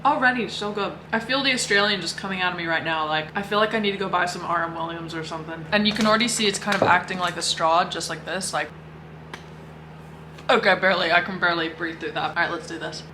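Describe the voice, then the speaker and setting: A woman's voice: on the low side, fast, echoey room, noisy background. A woman narrating a casual food vlog in an upbeat, chatty way. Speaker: food vlogger.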